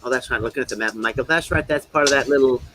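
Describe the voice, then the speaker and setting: A man's voice: mid-range voice, very fast, a bit bright, a little hiss or hum. A man from Florida chatting casually as a guest, joking and laughing through many of his lines. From Jacksonville, Florida. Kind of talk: casual chat.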